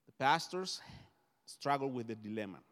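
A man's voice: medium pitch, lively intonation, moderate pace, fairly bright tone. A man whose first language is Spanish, preaching a conversational sermon as pastor, often restarting his phrases. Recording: long hall reverb.

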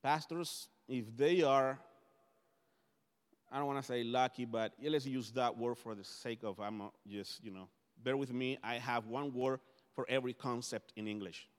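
A Spanish-speaking pastor delivers a conversational sermon at a moderate pace in a mid-range voice, frequently restarting his phrases. The recording carries a long hall reverb.

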